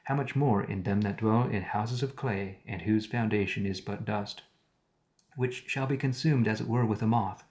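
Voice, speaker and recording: Reading scripture aloud for a live stream, this man has a lowish, darkish voice. He pauses from time to time to paraphrase the antiquated wording and add remarks.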